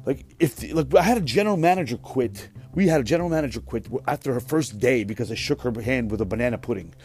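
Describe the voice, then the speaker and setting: A man's voice: medium pitch, expressive, fast talker, a little mellow. A man in his thirties hosting a podcast, telling a profane, exasperated story about his work. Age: 30s. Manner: profane, exasperated, mimics other people's voices. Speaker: podcast host. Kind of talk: casual storytelling rant.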